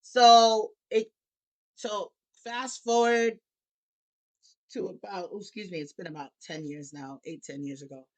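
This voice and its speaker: A woman's voice: mid-range voice, fairly even intonation, measured pace. A woman, a musician and life coach, speaking candidly as a guest and at times tearful as she tells of hard years. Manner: emotional, laughs through tears, acts out her own thoughts. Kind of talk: candid personal conversation.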